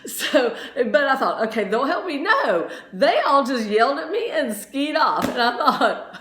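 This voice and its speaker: Brief animated woman teacher, fairly high voice, spinning a funny story with laughs, roomy echo. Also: measured pace, a little hiss or hum. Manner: lively, animated storyteller who laughs often. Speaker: science teacher. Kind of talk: storytelling in a recorded lesson.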